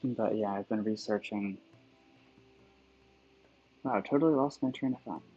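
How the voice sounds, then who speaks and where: A man's voice: fairly low pitch, normal speed, mellow, husky. A man chatting casually on a livestream while he works at calligraphy, thinking aloud and wandering off on tangents. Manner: musing, digressive thinking aloud. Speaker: calligrapher streaming his work. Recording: dull lo-fi sound with faint background music.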